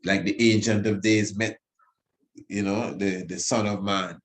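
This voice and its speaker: A man teaching the Bible on the radio, emotional, repeating phrases and reading scripture slowly with emphasis. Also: on the low side, fairly even intonation.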